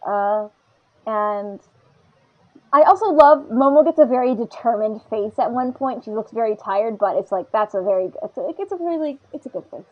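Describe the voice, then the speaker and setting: High-pitched woman, podcast co-host, rambling casual chat, dull lo-fi audio. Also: moderate pace. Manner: rambling and animated, laughs a lot, puts on voices to quote characters. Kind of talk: casual chat reviewing an anime episode.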